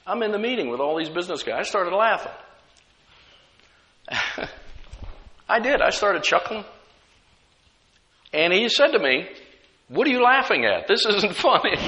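Male pastor, sermon delivery, animated and higher-pitched, echoing sanctuary. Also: lo-fi sound, slight background noise. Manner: conversational preaching with rhetorical questions.

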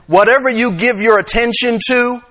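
A man in his sixties preaching an animated, conversational sermon, checking in with his listeners and acting out quoted lines. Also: very high-pitched, normal speed. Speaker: pastor.

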